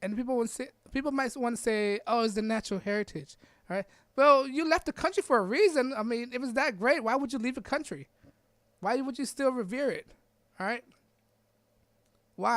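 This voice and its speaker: A woman's voice: on the high side, no echo. A woman hosting a podcast, giving an emphatic opinion monologue full of repeated rhetorical questions and tag checks. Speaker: podcast host.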